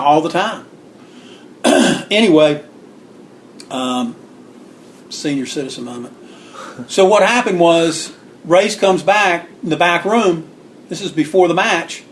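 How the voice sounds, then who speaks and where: A man on an interview, spinning stories with animated energy and acting out what people said. His voice sits a little high, and he clears his throat now and then. A faint hiss runs underneath. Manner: animated storyteller acting out quotes. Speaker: guest author. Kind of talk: storytelling interview.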